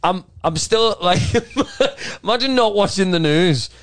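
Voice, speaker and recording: A man co-hosting a podcast, talking in an animated, opinionated casual chat. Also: high voice, unhurried, no echo. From Australia. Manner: animated, opinionated, laughing often. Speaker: podcast co-host.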